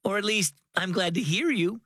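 A man's voice: high voice, normal speed, a bit bright, dry recording, studio quality, pitched above the performer's own voice. A man voicing an anxious, earnest young boy in a children's audio story, raising his voice in an eager, worried way.

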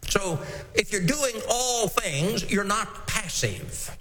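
A man preaching an expository sermon, slow and emphatic as he works through scripture verse by verse. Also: high-pitched, very animated, gravelly, bright, forceful tone, a little hiss or hum. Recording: long reverb in a hall, faint ambience.

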